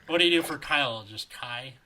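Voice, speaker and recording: A man's voice: mid-range voice, fairly quick, crowd noise. A man hosting a podcast over a video call, reading fanfiction aloud and chatting in a joking, rambling way. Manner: joking, rambling, laughs often. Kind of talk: reading aloud and casual chat.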